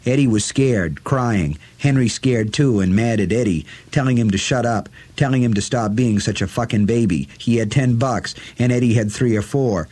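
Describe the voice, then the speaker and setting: Low-voiced male audiobook narrator. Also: a little mellow. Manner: measured, deliberate storytelling.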